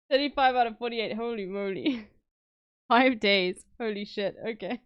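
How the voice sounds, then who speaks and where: Woman, young adult, streamer, casual chat, high-pitched, laughing often. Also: measured pace, dull audio, slight background noise. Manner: chatty, laughs often, loose filler words.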